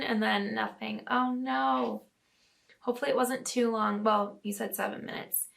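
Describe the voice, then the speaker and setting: A woman podcast host with a raspy voice, casually reading listener stories aloud and reacting with chatty laughter. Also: on the high side, fairly even intonation, normal speed, a bit bright.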